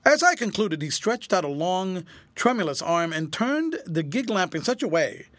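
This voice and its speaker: Expressive male audiobook narrator. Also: high-pitched, moderate pace, no room sound. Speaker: audiobook reader. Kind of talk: scripted narration.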